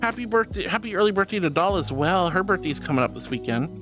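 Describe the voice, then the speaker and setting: A woman's voice: lowish voice, expressive, fast talker, over music. A woman streamer chatting casually and reading viewer comments, calling her viewers honey and darling and laughing often. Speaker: VTuber streamer.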